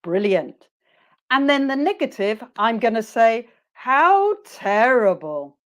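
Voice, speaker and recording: A woman teacher trainer leading a webinar, encouraging her listeners and modelling phrases slowly for them to repeat. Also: a little high.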